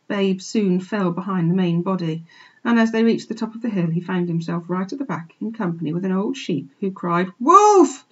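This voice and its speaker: A woman teacher expressively reading a children's book aloud for a remote class, pausing to point out pictures, on a dull lo-fi recording. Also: on the low side, a little mellow, husky. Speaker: primary school teacher. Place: home, remote lesson.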